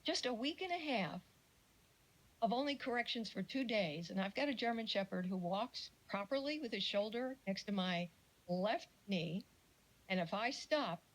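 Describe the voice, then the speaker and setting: A woman's voice: medium pitch, animated, measured pace, poor audio. A woman giving a casual mini lecture, telling stories and acting out the voices she quotes. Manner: storytelling, acts out quoted voices.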